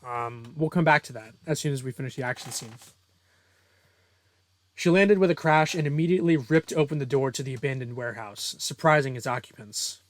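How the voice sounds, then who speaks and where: A man's voice: mid-range voice, fairly quick. A young man reading his own story aloud and breaking off for casual, self-deprecating author commentary.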